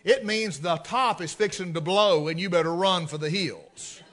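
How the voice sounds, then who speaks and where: A middle-aged man, preaching a humorous sermon in a folksy storytelling way, swinging between loud and hushed. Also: sits high, normal speed, soft background music.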